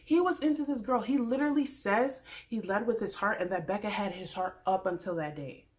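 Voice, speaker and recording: A woman hosting a casual recap vlog, chatty and opinionated, speaking straight to her viewers and swinging from loud emphasis to quiet asides. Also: medium pitch, brisk. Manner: chatty, addresses viewers as y'all. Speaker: reality TV recap vlogger.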